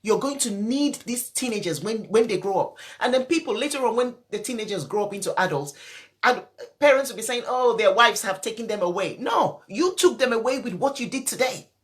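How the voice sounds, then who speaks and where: A woman's voice: on the high side, very animated, brisk. A woman parenting coach, upset and teary, speaking emphatically in a live stream and repeating her key points. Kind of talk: emotional live-stream talk.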